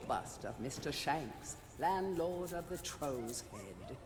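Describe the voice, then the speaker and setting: Game narrator, formal letter-reader, animated delivery, hall reverb. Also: male voice, on the high side, slow, noisy background. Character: male game narrator reading old letters and books. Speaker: in-game narrator reading books and hints.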